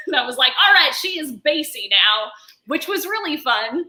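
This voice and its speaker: A woman's voice: sits high, lively intonation, unhurried, bright, forceful tone, roomy sound, poor audio. A woman with a Canadian accent, a voice actress guest chatting in an interview and acting out the dialogue she quotes. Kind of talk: casual interview chat.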